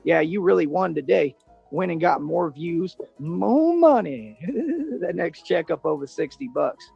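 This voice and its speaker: A man's voice: fairly high pitch, lively intonation, a little slow, creaky, a little mellow, husky, muffled recording, soft background music. A man in a played video ranting defiantly and boastfully in street slang. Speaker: self-styled independent detective in a played video.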